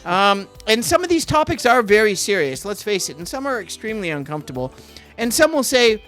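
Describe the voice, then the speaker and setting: A man's voice: high-pitched, big pitch swings, fairly quick, fairly bright tone, soft background music. A middle-aged Canadian man co-hosting a casual podcast, talking in an earnest, patriotic way with some restarts. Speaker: podcast co-host.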